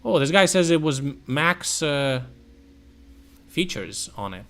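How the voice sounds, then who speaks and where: Animated, slow-talking man, swearing freely. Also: a little high. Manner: profane, slangy, exclamatory. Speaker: streamer browsing car listings. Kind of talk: casual live commentary.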